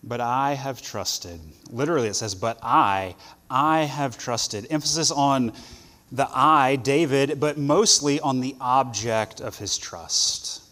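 A man preaching a sermon to students, earnest, with loud stresses and soft asides. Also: mid-range voice, a little slow, long reverb tail.

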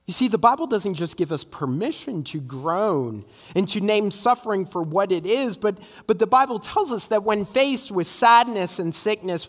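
A man's voice: high-pitched, big-room sound. A man preaching an earnest, emphatic sermon in a church, often tossing in "right?" asides. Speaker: pastor. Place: church sanctuary.

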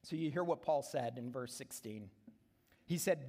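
A man's voice: medium pitch, normal speed, mellow. Earnest preaching man in a reverberant church. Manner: earnest, conversational preaching with emphatic repetition. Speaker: pastor. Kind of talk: sermon. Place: church sanctuary. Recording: long reverb of a church hall.

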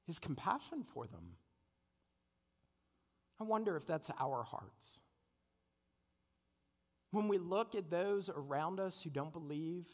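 A pastor with a fairly high voice preaches earnestly and conversationally, putting rhetorical questions to his congregation. The audio has a big-room sound.

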